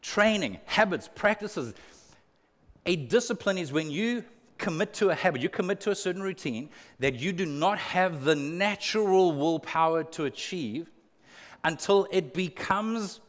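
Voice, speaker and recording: A man's voice: on the high side, animated, moderate pace, in a large hall. A male pastor preaching a sermon in an earnest way, repeating words for emphasis and adding humorous asides. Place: church auditorium.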